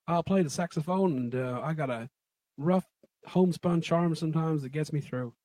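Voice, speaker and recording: Man doing a folksy husky older politician. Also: a little high, measured pace, warm tone, dry recording, pitched above the performer's own voice, lightly acted. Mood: smug.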